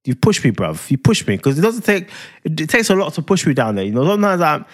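A man's voice: fairly high pitch, big pitch swings, fast talker. A man with a South London accent co-hosting a podcast, chatting casually, rambling and swearing freely. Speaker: podcast co-host. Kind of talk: casual chat.

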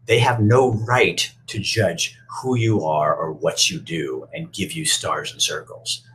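A man's voice: deep voice, fairly even intonation, slow pace, fairly bright tone, low-quality recording. A man voicing a wise, kindly old toy maker who speaks patiently and reassuringly.

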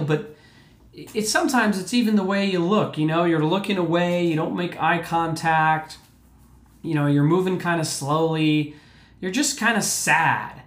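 A man's voice: fairly high pitch, a bit bright, reverberant. A man working as a clinician, giving an informal health talk to shelter residents and keeping in touch with his listeners through repeated check-ins. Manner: conversational, keeps checking in with "right?" and "okay?"; repeats words and restarts often.

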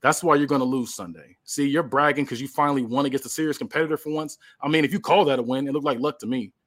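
Guy voicing an old vet wrestler, steady defiant comeback voice. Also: mid-range voice, fast talker, no room sound, close to an everyday voice. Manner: defiant, calm trash talk. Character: aging veteran male wrestler, proud and determined.

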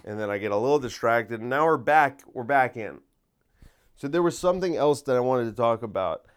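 A man's voice: medium pitch, expressive, a little fast, clear, resonant tone. A man talking in a casual solo monologue, rambling and wry, often interrupting himself.

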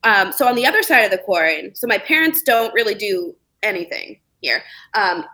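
A woman's voice: mid-range voice, very animated, moderate pace, sharp tone, poor audio. A woman guest on a podcast, chatting playfully and handing out mock awards. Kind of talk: casual chat.

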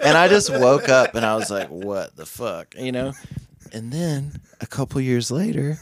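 Speaking at normal speed in a medium, sing-song voice, a podcast guest from Nashville's music scene spins a lengthy story. He acts out the voices, laughs a lot, and keeps things loose with plenty of swearing.

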